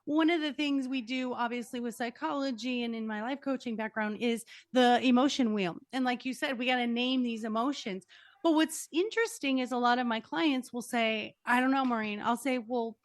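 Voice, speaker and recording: A woman's voice: a little high, moderate pace, dry recording, studio quality. A woman hosting a podcast interview, a life coach who talks with energy and emphasis. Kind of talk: conversational interview.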